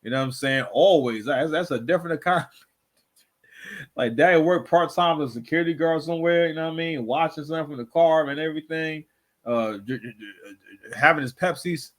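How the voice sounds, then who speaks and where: Dude hosting a chill reaction show, kinda high voice, rambles and repeats himself a lot. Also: male voice, fairly quick. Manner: rambling, repeats himself, constant filler phrases. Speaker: commentary show host. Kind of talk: casual reaction commentary.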